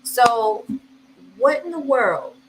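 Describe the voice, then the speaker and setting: A woman's voice: fairly high pitch, big pitch swings, slow, background noise. A woman hosting a casual commentary vlog, chatty and laughing, talking straight to her viewers. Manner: chatty, addresses viewers as y'all, laughs often. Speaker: host commenting on video clips.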